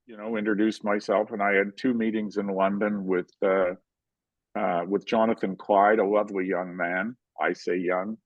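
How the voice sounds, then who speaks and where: An older man, a filmmaker, telling animated stories in an interview and acting out the quotes. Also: on the low side, normal speed, no echo, highs cut off. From Canada. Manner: animated anecdotal storytelling, acts out quotes. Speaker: guest filmmaker. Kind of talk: storytelling in a conversational interview.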